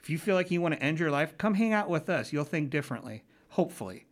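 A man's voice: fairly high pitch, sing-song, fast. A man in his forties, a paranormal investigator, telling a rambling, earnest story in a casual interview, restarting his sentences as he goes.

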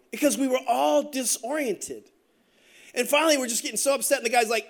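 A middle-aged man preaching a sermon as pastor, telling stories with joking asides in an animated way. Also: extremely high pitch, quick pace.

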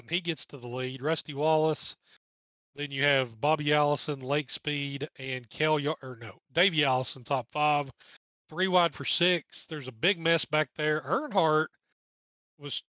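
A fairly high-pitched, fairly bright male voice comes through lo-fi sound with no echo. He's a podcast co-host from East Tennessee, going over an old race in casual recap commentary, chatty and wry with jokes between the driver lists.

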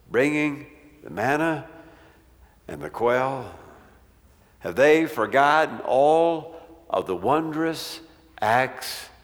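A man preaching a sermon, telling a story with rising, dramatic swells and acting out the voices in it. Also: a bit bright. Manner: dramatic, acts out quotes with swells in pitch and volume. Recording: long reverb of a large hall.

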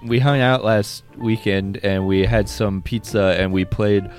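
A man co-hosting a podcast in casual chat, excitable, swearing and laughing as he tells stories. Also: fairly low pitch, unhurried, soft background music. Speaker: podcast co-host.

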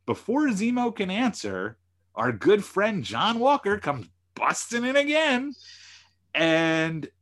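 A man's voice: high-pitched, very animated, slow, a bit bright. A man hosting a podcast and recapping a TV episode, retelling scenes animatedly and quoting the characters' lines. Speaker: podcast host and lawyer.

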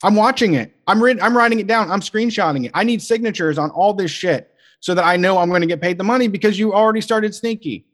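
A man's voice: high voice, fast, fairly bright tone. A man co-hosting a casual chat show, ranting in a heated way and swearing freely. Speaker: podcast co-host.

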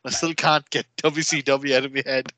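A man, chatting on a podcast as co-host and telling animated stories that he acts out with quoted voices. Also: mid-range voice, moderate pace, dry recording. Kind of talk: casual chat.

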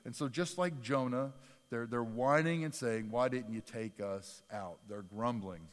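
A man preaching a sermon in a church sanctuary, animated, with folksy, self-deprecating humor. His delivery swings from soft asides to loud, emphatic bursts. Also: medium pitch, a little slow, long reverb tail. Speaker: pastor.

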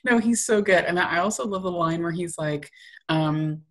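A woman co-hosting a casual podcast chat over a video call, chatty and quick to laugh. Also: on the low side. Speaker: podcast co-host.

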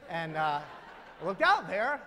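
A man's voice: high-pitched, big pitch swings, measured pace, sharp tone, a little hiss or hum. A middle-aged man preaching a sermon, telling stories and building to repeated rhetorical questions. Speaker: pastor. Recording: long reverb of a large hall.

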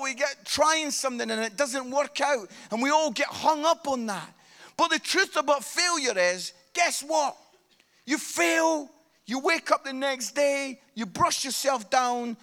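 A pastor telling a story in his sermon with animated delivery, breaking into shouts at times. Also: very high voice.

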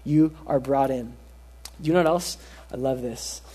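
A man preaching a sermon as pastor, earnest and emphatic, repeating key phrases and dropping his voice soft for stress. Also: mid-range voice, moderate pace, husky.

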